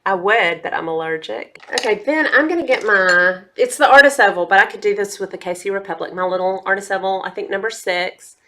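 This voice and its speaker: A woman's voice: medium pitch, fairly quick, few pauses, fairly bright tone, a little hiss or hum. A woman chatting casually through a makeup tutorial, talking straight to her viewers. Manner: chatty, addresses viewers as y'all. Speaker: beauty vlogger.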